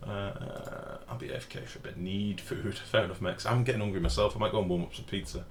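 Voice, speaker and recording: A man's voice: fairly low pitch, fairly even intonation, fast talker, background noise. A man, streaming a game live and chatting casually while reading out chat messages and swearing freely.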